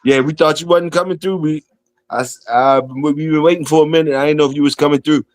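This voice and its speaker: A man's voice: fairly high pitch, fairly even intonation, quick pace, no room sound. A man hosting a casual livestream, talking in slangy, profane, repetitive banter to his chat and guests. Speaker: livestream host.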